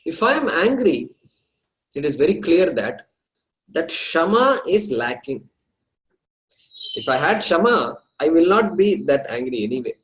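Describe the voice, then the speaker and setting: A man's voice: fairly high pitch, big pitch swings, a bit bright, rough recording. Man teaching a scripture class. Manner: explains terms slowly with repetition and questions; hesitant fillers, talks to students.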